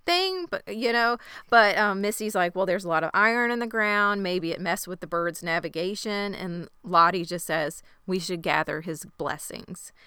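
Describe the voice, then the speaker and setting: A woman's voice: on the low side, normal speed, few pauses, pushed and bright, clear, resonant tone, no echo. A woman hosting a podcast, recapping an episode in a wry, sardonic way. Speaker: podcast host. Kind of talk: casual recap chat.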